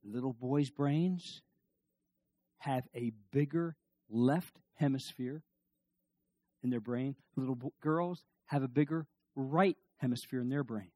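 A middle-aged man giving a humorous talk on marriage to a live audience, animated and joking, often restarting his sentences. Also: mid-range voice, slow pace, no echo. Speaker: speaker on marriage.

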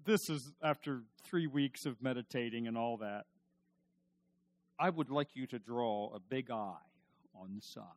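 A male pastor preaching a sermon emphatically, repeating his questions and swinging from loud to hushed. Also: medium pitch, a little slow.

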